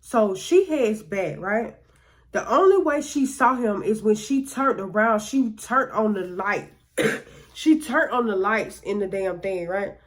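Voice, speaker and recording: A woman's voice: mid-range voice, expressive, measured pace. Woman vlogger rambling through a storytime, cussing a lot, lots of "like". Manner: rambling, profane, filler-heavy. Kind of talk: casual storytelling.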